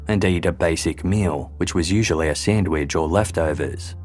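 Man, very low voice, scripted true-crime narration, measured and grave, faint music underneath. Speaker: podcast host.

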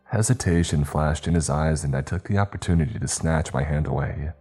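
A man reading a horror story aloud in steady, measured, scripted narration. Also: rumbling low, husky, soft background music.

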